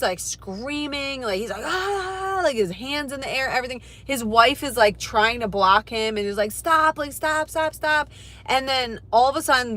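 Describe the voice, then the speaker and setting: A young woman chatting casually to her live stream viewers, animated and full of fillers and swearing. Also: fairly high pitch. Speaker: livestreamer. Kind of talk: casual storytelling to a live chat.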